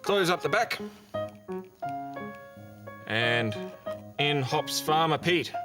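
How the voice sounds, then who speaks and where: A man with an Australian accent, presenting a children's TV show, narrating clearly and playfully for young children. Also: fairly high pitch, expressive, extremely slow, over music. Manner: clear, simple and playful, makes animal and car noises. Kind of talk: slow, gentle storytelling narration for young children.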